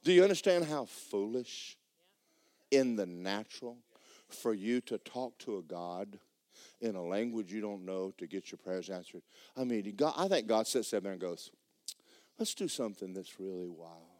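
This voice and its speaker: A man preaching a sermon in church, jumping between loud, high shouts and low muttered asides, mimicking skeptics as he tells stories. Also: animated, normal speed, no echo. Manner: storytelling, mimics skeptics mockingly. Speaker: pastor.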